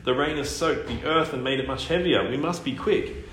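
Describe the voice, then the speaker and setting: A man's voice: mid-range voice, moderate pace, fairly bright tone, echoey room, slight background noise, pitched above the performer's own voice, lightly acted. A man doing a joking hyena dad. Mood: urgent. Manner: upbeat, punchline-telling. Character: jokey hyena father, brisk and bossy.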